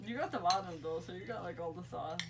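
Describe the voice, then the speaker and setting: A woman's voice: lowish voice, fast talker, background noise. A young woman guesting on a casual mukbang video, playful and laughing. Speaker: guest vlogger.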